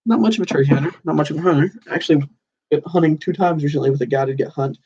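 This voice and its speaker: Gravelly young man rambling casually. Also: on the high side, racing, dark tone, lo-fi sound. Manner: loose and meandering, with many fillers and restarts. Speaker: channel host. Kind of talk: casual rambling monologue to camera.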